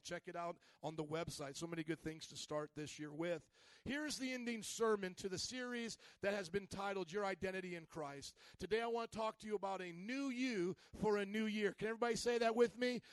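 A man preaching a lively sermon as pastor, slangy and playful, calling on the congregation to respond. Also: high-pitched, no room sound. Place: church service.

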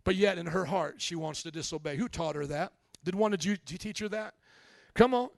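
A man with a notably high voice preaches with fervor, throwing rhetorical questions at his congregation and rising to shouts. The sound is close and dry, with little room around it. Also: fairly quick, vocal fry, dry recording. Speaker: pastor. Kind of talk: sermon.

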